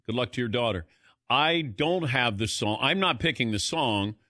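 A man hosting sports talk radio in a bright, lively voice that rises and falls freely. He chats loosely with callers and crew. The studio sound is dry and close. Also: medium pitch, normal speed, no room sound. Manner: chatty, conversational.

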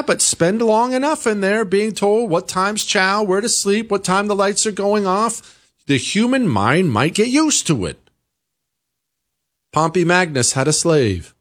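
An American man hosting a talk show, delivering an opinionated monologue that is full of emphatic rhetorical questions. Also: fairly high pitch. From United States. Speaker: political talk show host.

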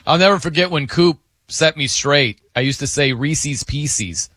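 A man's voice: on the high side, measured pace, bright, forceful tone, breathy edge, no room sound, studio quality. A man hosting a radio show, chatting casually with a co-host, laughing and mimicking how people pronounce words. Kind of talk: casual on-air banter.

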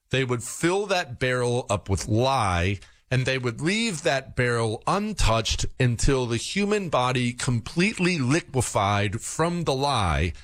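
Sarcastic radio guy doing his monologue, voice bouncing all over the place, riffing and mocking. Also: mid-range voice. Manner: sarcastic, mocking, animated storytelling. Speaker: radio show host.

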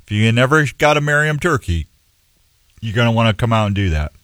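A man's voice: medium pitch, animated, a little fast, fairly bright tone, no room sound, studio quality. A man hosting a radio show in casual chat, joking and opinionated.

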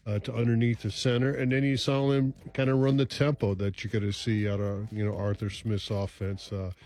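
Rambling low-voiced football analyst, a man. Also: flat delivery, brisk, a little mellow. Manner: rambling, full of "you know" fillers. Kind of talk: sports talk radio analysis.

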